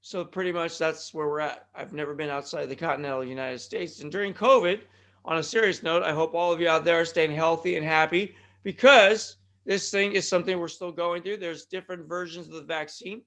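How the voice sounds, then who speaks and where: A man with a high, bright and forceful voice hosts a solo wrestling podcast. He rambles from one aside to the next, joking at his own expense. He trips over his words and restarts his sentences as he goes. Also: fairly quick. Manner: joking, self-deprecating, rambling with tongue-tied restarts. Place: California.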